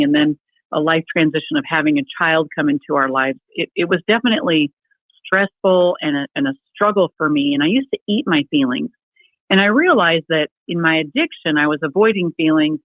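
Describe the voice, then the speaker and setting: A middle-aged woman telling her own story as an interview guest, lively and quick to act out the voices of the people she quotes. Her voice comes through a thin, phone-like line. The sound is dry and close. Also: low-pitched, dry recording. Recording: tinny phone-like remote call, dry.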